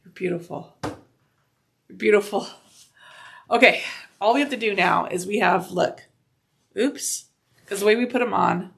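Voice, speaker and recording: A woman giving a casual sewing demonstration, gushing and excitable and talking to herself as she works in a home sewing room, sometimes drifting away from the mic. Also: medium pitch, moderate pace, creaky, pauses often. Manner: gushing and excitable, talks to herself while working.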